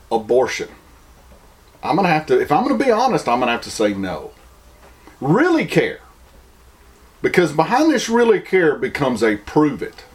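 A man with a Southern American accent, delivering an opinion monologue full of rhetorical questions and mocking imitations. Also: medium pitch.

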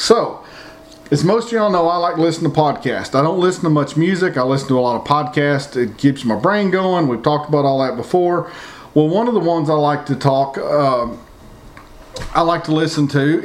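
A man ranting indignantly to his viewers, repeating himself and rambling as he goes. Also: fairly high pitch. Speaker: vlogger. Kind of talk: opinion rant to viewers.

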